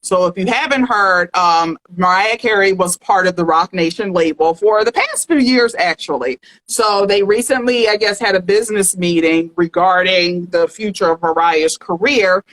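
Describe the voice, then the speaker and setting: Sassy lady podcaster, talks fast and animated about gossip. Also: fairly low pitch, low-quality recording. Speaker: podcast host. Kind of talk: casual pop culture chat.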